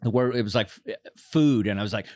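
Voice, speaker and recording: A man's voice: on the low side, quick pace, a little mellow, no echo. A man from Texas, a comedian guest in a casual chat, talking in a loose, rambling way full of fillers. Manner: rambling, filler-heavy storytelling.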